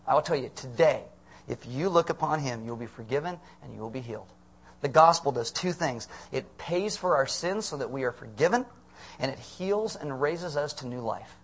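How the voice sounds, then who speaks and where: A man's voice: mid-range voice, lively intonation, moderate pace, breathy edge. A middle-aged man preaching a conversational sermon as pastor, asking the congregation questions.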